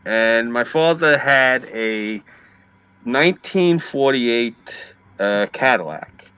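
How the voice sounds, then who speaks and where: A man's voice: mid-range voice, expressive, slow, pushed and bright, clear, resonant tone, no echo, poor audio. A man chatting casually on a live stream, telling stories animatedly and swearing freely. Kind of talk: casual chat and storytelling.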